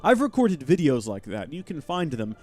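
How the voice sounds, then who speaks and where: A man's voice: on the high side, moderate pace, soft background music. A young man streaming live gameplay, chatting and thanking viewers as he plays. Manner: chatty and animated, thanking chat mid-game.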